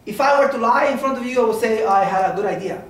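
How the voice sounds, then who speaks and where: A man's voice: high voice, quick pace. A man giving an informal mathematics seminar lecture, talking conversationally and often checking in with "okay?" and "right?". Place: lecture room. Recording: very echoey room from a distance.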